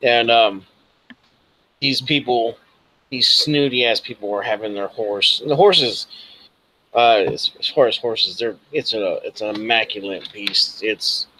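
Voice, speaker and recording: A man's voice: on the low side, measured pace, sharp tone, low-quality recording. A man narrating a tabletop role-playing game as game master, casual and rambling with many fillers.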